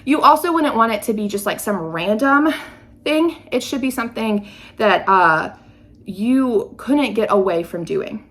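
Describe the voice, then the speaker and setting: A woman in her thirties hosting a podcast, explaining ideas in a chatty, teacherly way with lively emphasis. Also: a little high, a little slow. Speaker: podcast host.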